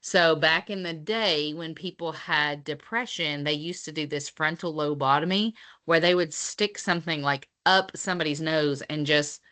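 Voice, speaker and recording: A woman's voice: low voice, moderate pace, sharp tone. A woman teaching physical therapy students in a casual lecture, with lots of fillers as she explains.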